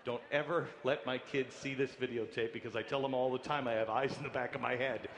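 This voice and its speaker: A man giving a sarcastic speech at a convention, incredulous and building to shouts. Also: medium pitch, steady tone, a little fast, slight background noise. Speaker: speaker at a convention.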